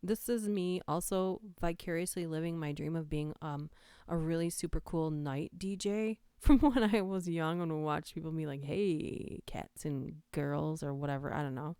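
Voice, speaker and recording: A woman's voice: low-pitched, moderate pace, few pauses, dark tone, smooth, dry recording. A woman hosting a casual livestream from home, chatting and giggling, with a slightly stuffy nose from allergies. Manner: giggly, chatty, whispers the creepy lines. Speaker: livestream host. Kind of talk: casual livestream chat, reading creepy lines aloud. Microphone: close microphone.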